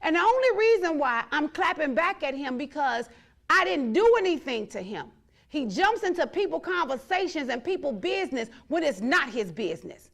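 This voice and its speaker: A woman's high, creaky voice takes on a sing-song quality at a normal pace. Hosting her own show, she speaks to viewers bluntly and defiantly, driving home her points with repeated, emphatic declarations.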